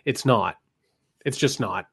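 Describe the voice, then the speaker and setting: A man co-hosting a political podcast, talking in an impassioned, emphatic way that swings from loud outrage to grim, quiet asides. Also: medium pitch, slow pace, gravelly, breathy edge. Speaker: podcast co-host, political commentator. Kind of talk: heated political podcast chat.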